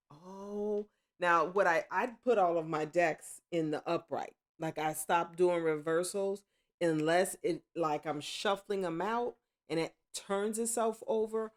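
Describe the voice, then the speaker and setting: A woman giving a casual tarot reading at home, rambling and correcting herself, with excited exclamations. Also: fairly low pitch. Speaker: tarot reader.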